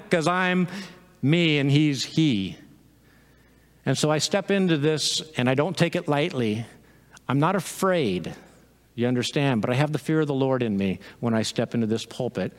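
A man preaching a sermon as pastor, animated, with laughs and quick quoted asides. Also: on the high side, long reverb tail.

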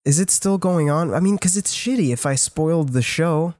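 A man's voice: a little high, moderate pace, a little mellow, no echo, clean studio sound. A young man telling a rambling, profane story in casual podcast chat. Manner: rambling, profane, laughs while telling stories. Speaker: podcast co-host.

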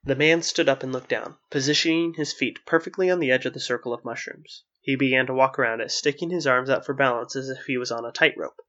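Male narrator, mid pitch, even storybook reading, lo-fi muffled sound. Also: quick pace, few pauses.

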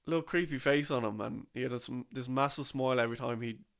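A man's voice: mid-range voice, fast, gravelly, a bit bright. A young man telling a rambling, casual story about a trip, full of slang and restarts.

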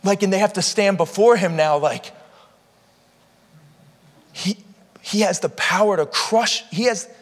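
A man's voice: high voice, measured pace, pauses often, long reverb tail. A man preaching a sermon to a live congregation, impassioned and firing questions at the listeners. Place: church hall with live congregation.

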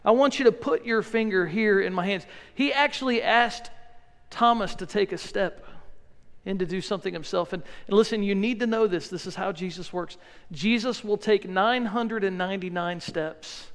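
A pastor preaching a sermon in a church, talking in an earnest, conversational way and repeating phrases for emphasis. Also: male voice, high-pitched, normal speed, vocal fry, long reverb tail. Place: church sanctuary.

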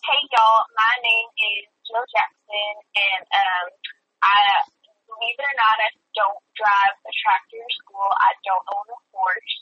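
A woman's voice: mid-range voice, steady tone, a little slow, breathy edge, no room sound, muffled recording. A woman putting on a folksy Texan drawl. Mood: playful.

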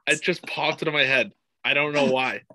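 A man co-hosting a casual podcast, talking excitably, swearing freely and acting out his own reactions. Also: fairly high pitch, fairly quick, no echo. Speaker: podcast co-host. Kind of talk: casual fight-talk podcast chat.

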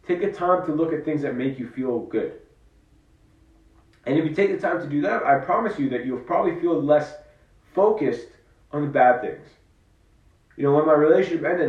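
A man's voice: on the high side, brisk. A man giving a personal, earnest motivational monologue to camera, reflective and coaching himself as he talks. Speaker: vlogger. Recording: roomy, distant, dull-sounding.

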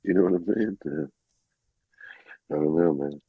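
A man's voice: low-pitched, moderate pace, slightly rough, dry recording, narrow, tinny audio. A man in casual podcast chat, answering in a laid-back, hesitant way. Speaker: podcast co-host.

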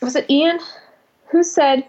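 A woman musician telling stories in a casual interview, rambling and swearing, acting out quotes in a higher voice. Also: steady tone, slow, darkish tone, dull audio. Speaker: musician guest.

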